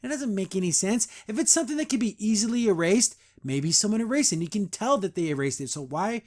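A young man with a fairly high, light voice hosts a podcast review. He talks loosely and chattily, quoting characters in quick put-on voices and laughing between points. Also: animated, a little mellow. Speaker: podcast host reviewing a cartoon. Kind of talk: casual reaction commentary.

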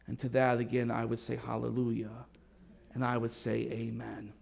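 A man's voice: flat delivery, normal speed, gravelly. A man preaching a sermon as a pastor, telling a story with dramatic rises and drops in volume. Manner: storytelling with dramatic swings in pitch and loudness. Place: church sanctuary.

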